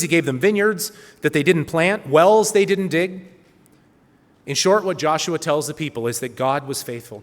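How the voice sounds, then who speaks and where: Guy preaching in church, kinda high voice, earnest, reads verses out, echoey hall. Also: fairly bright tone. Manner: earnest, reads scripture aloud with rising emphasis. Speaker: speaker giving a sermon. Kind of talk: sermon with scripture reading.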